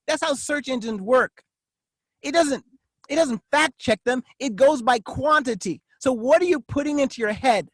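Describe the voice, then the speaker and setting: A man giving a motivational vlog monologue as a network marketing coach, emphatic and repetitive, dropping to a low confiding tone for asides. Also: normal speed, no echo. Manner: emphatic, repetitive, preacher-like cadence.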